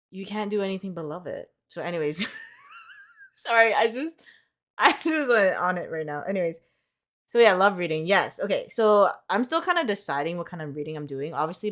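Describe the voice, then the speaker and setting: A young woman reading tarot in a casual, rambling vlog, upbeat and full of "like" fillers. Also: low-pitched. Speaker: tarot reader.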